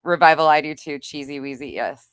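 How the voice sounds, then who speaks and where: A woman's voice: sits low, a little fast, a bit bright, clear, resonant tone, no room sound, clean studio sound. A woman from North Dakota with a slight North Dakota accent, hosting a casual livestream chat and chiming in playfully.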